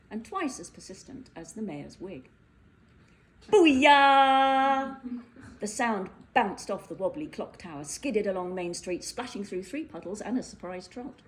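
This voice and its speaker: A woman narrates a whimsical fairytale with playful, animated delivery. She slips into little character voices along the way. A faint hiss sits under the recording. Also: medium pitch, poor audio. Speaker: storyteller. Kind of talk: storybook narration.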